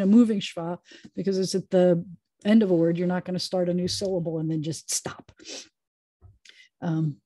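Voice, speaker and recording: A woman rabbi teaching a Hebrew reading lesson over a video call, patient and chatty with playful asides, sounding out letters slowly. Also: medium pitch, warm tone, no room sound.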